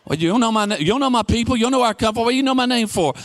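A middle-aged man preaching a sermon in a fairly high voice. He tells his stories with plenty of animation, and he raises his voice to a shout to drive a point home. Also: very fast. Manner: animated storytelling, shouts for emphasis. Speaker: pastor.

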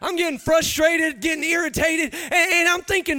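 A man, preaching a sermon with impassioned, confessional energy and loud, half-sung emphasis. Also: extremely high pitch, fairly even intonation, moderate pace. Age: 30s.

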